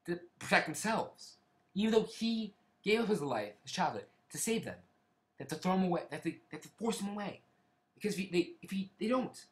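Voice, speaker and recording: A man's voice: high voice, a bit bright. Rambling man in an echoey room. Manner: rambling, with frequent restarts and hedging asides. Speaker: book reviewer. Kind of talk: casual spoken plot summary.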